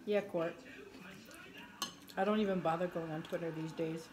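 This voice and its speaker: A woman's voice: lowish voice, darkish tone. A young woman co-hosting a casual live stream. She talks about her food with lots of "like" and thanks viewers by name. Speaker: co-host girlfriend. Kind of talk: casual live chat eating on camera.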